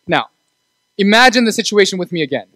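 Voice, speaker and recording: A man's voice: high-pitched, expressive, brisk, fairly bright tone, no room sound, rough recording. A man preaching a casual youth sermon in a church, talking conversationally and often checking in with the room. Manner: conversational, asks the room for agreement. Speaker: youth pastor.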